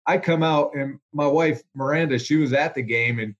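A man, a former pro quarterback, telling stories in a relaxed interview with lots of fillers. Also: a little high, moderate pace, lo-fi sound. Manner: animated, chatty storyteller with fillers. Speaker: former NFL quarterback, guest. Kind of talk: casual storytelling interview.

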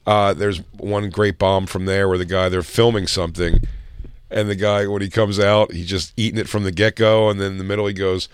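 Laughing comedian telling stories. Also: male voice, deep voice, level tone, brisk, clean tone, dry recording. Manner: storytelling, acts out quotes, laughs often. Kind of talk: casual comedian chat.

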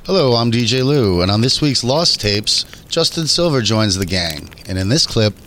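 A man giving a short, measured scripted introduction to a podcast segment. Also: fairly low pitch, lively intonation, fairly bright tone, a little hiss or hum. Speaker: segment announcer.

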